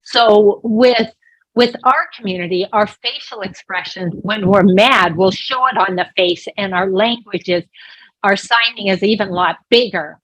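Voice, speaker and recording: A woman's voice: mid-range voice, unhurried, fairly bright tone, dry recording, rough recording. A woman working as a voice interpreter, speaking a sign-language lesson aloud in an explanatory, conversational way with small restarts. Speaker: voice interpreter for a deaf presenter.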